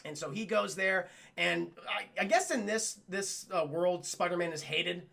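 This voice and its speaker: Male streamer, high bright voice, gravelly edges, profane rambling recap, addresses chat. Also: a little slow. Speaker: streamer and cartoon reviewer. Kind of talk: livestream episode recap.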